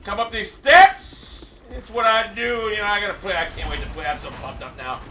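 Loud cursing gamer guy, high bright voice swinging all over, boastful, echoey room mic kinda far off. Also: lively intonation, fast. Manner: profane, boastful, erupts into frustrated shouting. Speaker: gamer commentating his own match. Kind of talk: live gameplay commentary. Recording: echoey room, distant mic, faint hiss.

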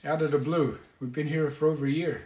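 A man hosting a casual livestream from his home, talking in a rambling, halting way with many fillers. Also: on the high side, steady tone, a little mellow, echoey room. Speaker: musician hosting a weekly livestream.

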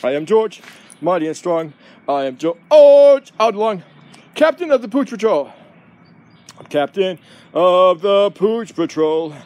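A man's voice: extremely high pitch, big pitch swings, takes it slowly, pauses often, a bit bright, pitched above the performer's own voice, heavily acted. George, a man voicing a boastful mighty dog. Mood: boastful chant. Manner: sing-song boastful chanting. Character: bold male dog, self-proclaimed mighty captain. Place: backyard outdoors.

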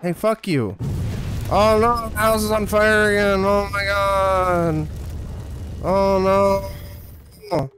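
A man's voice: high-pitched, slow, pauses often, over music. Profane, jokey male game streamer. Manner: profane, jokey, talks back to the game and chat. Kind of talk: live gameplay commentary.

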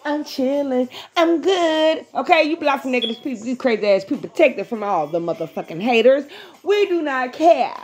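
A high-voiced woman talks straight to her viewers in a loose, profane spiritual pep talk. She laughs a lot, swings her voice up and down, and slips into bits of song. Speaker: spiritual vlogger.

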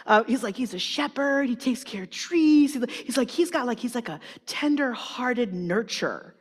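A woman preacher with a high voice tells stories in a chatty, animated way, full of "like" fillers and quick acted-out quotes. Her voice carries through a large conference hall with a long reverb. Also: breathy edge. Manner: animated storytelling with many "like" fillers, acting out quotes. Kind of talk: sermon.

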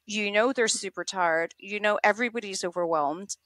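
A woman, an author chatting in an interview, animated and quick to act out little quoted scenes. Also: mid-range voice, dry recording, studio quality. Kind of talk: casual interview chat.

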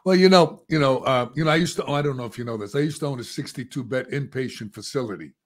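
A man's voice: mid-range voice, fast. A man hosting an interview podcast, talking conversationally with lots of fillers and asking direct questions. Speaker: podcast host.

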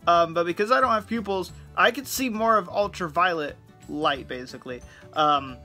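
Bright, chatty young man joking to camera. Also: high voice, normal speed, faint music behind. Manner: joking, chatty, laughs at own jokes. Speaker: vlogger host. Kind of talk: casual talk to camera.

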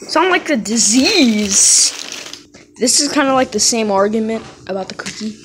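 Brief: woman, comedy skit, bickering and insistent, slightly high pitch. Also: lively intonation, normal speed, noisy background.

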